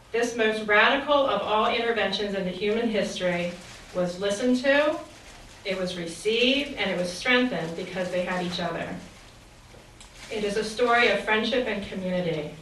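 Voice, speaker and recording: A woman's voice: medium pitch, a bit bright, slight background noise. A woman giving an earnest, reflective faith talk in a sermon style, often posing rhetorical questions. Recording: very echoey, distant mic with faint ambience.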